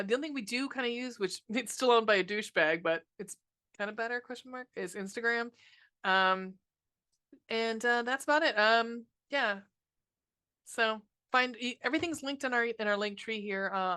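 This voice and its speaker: A woman's voice: mid-range voice, bright, forceful tone. A woman co-hosting a horror movie podcast, ranting casually with lots of swearing and ums. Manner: profane, ranting, frequent ums. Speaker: podcast co-host reviewing horror films. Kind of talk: casual movie review chat.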